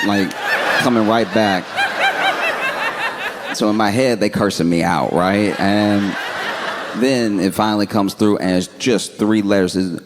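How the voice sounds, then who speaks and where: A man doing stand-up comedy, telling a long story in a laid-back, deadpan way. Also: low-pitched, measured pace, very noisy.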